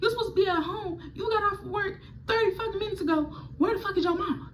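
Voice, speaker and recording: A woman's voice: very high-pitched, fast talker, slight background noise, pitched above the performer's own voice. A woman voicing an angry, worried father who scolds his daughter and swears. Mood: exasperated. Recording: slightly muffled recording.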